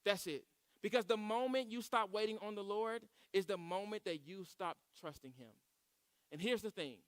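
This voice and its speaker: A man's voice: sits high, normal speed, clear, resonant tone, no echo. A man preaching a sermon in a church service, impassioned and rising to pleading prayer. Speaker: pastor. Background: live band playing.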